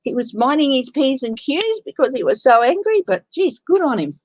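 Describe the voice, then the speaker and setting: A tired woman with an Australian accent, chatting slowly and sighing as she greets viewers of her tarot livestream. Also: high-pitched, very animated, background noise. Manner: slow, tired, chatty, sighing between remarks. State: tired from lack of sleep. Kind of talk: casual chat with live viewers.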